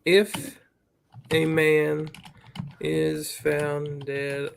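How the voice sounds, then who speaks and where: A male student in a live online class, reading a passage aloud slowly and with frequent stumbles. His voice is gravelly and pitched slightly above the usual male range, and he takes his time over every word. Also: monotone, slight background noise. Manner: halting, stumbles and restarts while reading.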